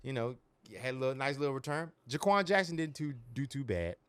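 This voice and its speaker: A man's voice: mid-range voice, lively intonation, brisk, a bit bright, smooth, no echo. A man co-hosting a sports podcast, talking loosely and animatedly with slang and frequent laughs. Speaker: podcast co-host. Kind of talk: casual sports podcast chat.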